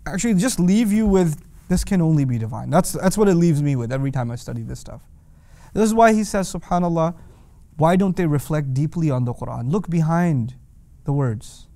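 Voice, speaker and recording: Male lecturer, fairly high voice, emphatic and animated, dry close-mic recording. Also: normal speed, no room sound. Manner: animated, rhetorical questions, emphatic. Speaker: Quran teacher.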